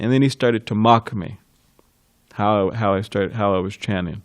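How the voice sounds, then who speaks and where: A man giving a devotional class, recounting a memory with frequent chuckles and halting restarts. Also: fairly low pitch, no echo, studio quality. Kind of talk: reminiscing in a scripture class.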